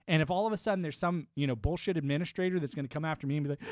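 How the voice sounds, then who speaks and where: A man's voice: fairly high pitch, expressive, quick pace, darkish tone, no echo, clean studio sound. Profane, combative man ranting live. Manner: profane, combative, laughs often; former military and network engineer talk. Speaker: live streamer. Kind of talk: casual live-stream rant.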